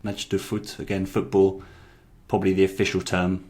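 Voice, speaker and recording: A man's voice: low voice, level tone, normal speed, a little mellow. A man giving casual review commentary as a language-learning YouTuber, chatty, repeating lines aloud with many fillers.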